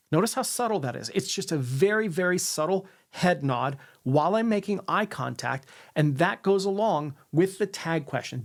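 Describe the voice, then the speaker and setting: A man's voice: lively intonation, normal speed, hardly any pauses. Upbeat male sales coach, downward endings. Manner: demonstrates intonation, ends sentences on a lower note; tags questions with "right?". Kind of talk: instructional talk to camera.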